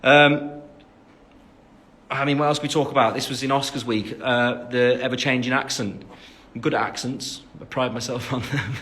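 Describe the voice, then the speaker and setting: With a bright, forceful, mid-range voice, this young Englishman in his twenties answers fan comments during a casual phone livestream. He rambles, leans on fillers, and laughs at his own expense.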